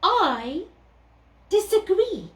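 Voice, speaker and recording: A woman's voice: sing-song, drawn-out words, heavily acted. A woman voicing a vain, cuddly house cat in a storybook reading. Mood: smug. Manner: high meowing, self-satisfied. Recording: echoey room, distant mic.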